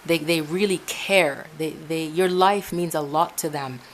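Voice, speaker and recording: Recorded at home in her room, a woman from Ecuador gives her spiritual testimony in a casual, animated way, calling her listeners "guys" and often restarting and repeating herself. Her voice is low and a little slow, with some hiss or hum in the background.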